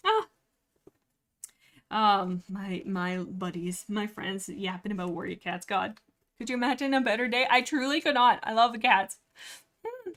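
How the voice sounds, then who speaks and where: A rambling woman livestream host, talking in a loose, excitable way. Her pitch sits in an ordinary middle range. She laughs often and drops sentences halfway through. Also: unhurried, pauses often. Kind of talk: casual chat about books with read-aloud passages.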